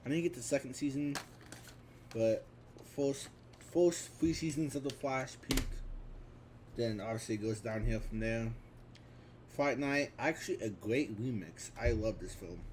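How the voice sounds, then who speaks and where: A man's voice: medium pitch, a little slow, a little mellow, a little hiss or hum. Young man rambling about his film collection. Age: 20s. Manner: rambling, offhand, with restarts and fillers. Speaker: vlogger. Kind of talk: casual commentary on a film collection.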